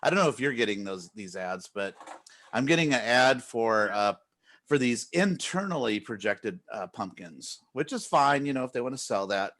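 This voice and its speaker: A man's voice: medium pitch, expressive, moderate pace, fairly bright tone. A man ranting in a casual group chat, swearing and telling a story with exasperation. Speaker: podcast co-host.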